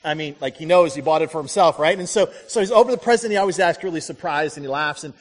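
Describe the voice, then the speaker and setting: Animated high-voiced pastor in a reverberant hall. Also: male voice, quick pace. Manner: animated storytelling with punchy repeated lines. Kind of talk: sermon.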